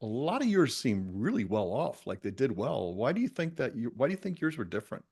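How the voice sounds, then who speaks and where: A man's voice: medium pitch, sing-song, fairly quick, a little mellow, husky. A man hosting a podcast interview, asking encouraging, probing questions. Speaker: podcast host.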